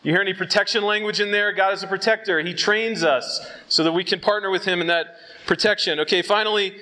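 A man's voice: high-pitched, fairly even intonation, fairly quick, pushed and bright, poor audio. A man from Southern California preaching at a youth conference in a casual, conversational way, slightly out of breath, checking in with his listeners. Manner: casual and conversational, with fillers and audience check-ins. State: out of breath from altitude. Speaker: conference speaker.

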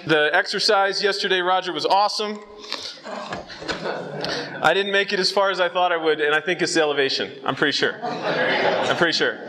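A man's voice: high-pitched, a little fast, long pauses, noisy background. A man from Southern California preaching at a youth conference in a casual, conversational way, slightly out of breath, checking in with his listeners. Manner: casual and conversational, with fillers and audience check-ins. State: out of breath from altitude. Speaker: conference speaker.

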